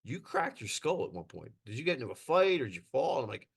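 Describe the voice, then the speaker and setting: Brief: middle-aged man, mid-pitched, animated storyteller who laughs mid-story and acts out voices. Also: fast talker, creaky, breathy edge. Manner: animated, laughs through his stories, acts out quotes. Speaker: podcast guest. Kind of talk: casual storytelling.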